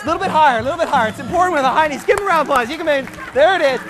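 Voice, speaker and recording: A man telling stories on stage as a motivational speaker, animated, with shouted bursts and stammering restarts. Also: very high voice, racing. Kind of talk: energetic stage storytelling. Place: stage before a live audience.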